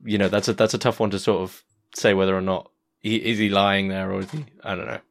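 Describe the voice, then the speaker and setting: A man's voice: sits low, little pitch movement, fast talker, creaky. A man hosting a podcast interview, asking questions in a tentative, informal way. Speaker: podcast host. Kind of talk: casual interview chat.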